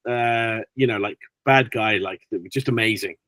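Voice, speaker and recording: A British man, an actor, chatting as an interview guest and telling lively stories with acted-out quotes. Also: lowish voice, measured pace, dry recording. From Britain. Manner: animated storyteller acting out quotes. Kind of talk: casual interview chat.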